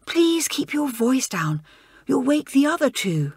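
A woman's voice: sits high, big pitch swings, measured pace, a little mellow, breathy edge, dry recording, studio quality, voice pushed up, heavily acted. A woman narrator voicing a prim, officious schoolgirl tent monitor who gives orders in a stern hiss.

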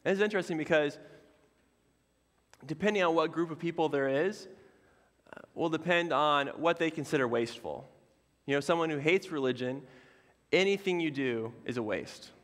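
A man pastor preaching a sermon in a relaxed, conversational way, with casual asides and fillers. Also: fairly high pitch, normal speed, long reverb tail. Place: church sanctuary.

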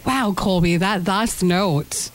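A woman's voice: mid-range voice, takes it slowly. Emotional, gushing female radio host. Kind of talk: live radio show. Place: radio studio.

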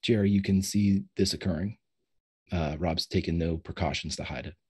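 A man narrating as game master of a tabletop game, describing scenes in a relaxed way with fillers. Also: sits low, normal speed, slightly rough.

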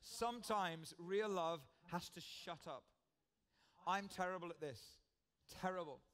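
A British man delivers a church sermon in a fairly high-pitched voice. He talks in an earnest, conversational way, circling back to repeat his key phrases. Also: measured pace, a bit bright. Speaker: preacher.

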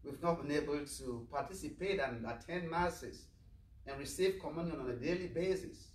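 A man's voice: a little high, moderate pace. A male priest giving a sermon in a plain, earnest way, putting questions to his listeners. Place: chapel of a medical center. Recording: echoey chapel, mic far off.

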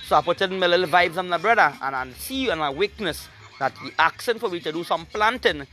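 A man's voice: sits high, animated, a little fast, sharp tone, faint music behind. Preachy man. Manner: preachy, rambling, emphatic. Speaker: show host. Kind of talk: rambling opinion monologue.

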